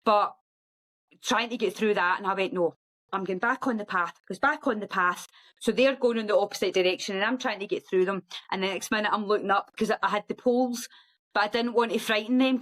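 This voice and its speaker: A middle-aged woman, a guest on a podcast, telling a story in a lively, animated way and acting out other people's voices. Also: a little fast, low-quality recording. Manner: lively, acts out quoted voices in a high sing-song. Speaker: guest ultra runner.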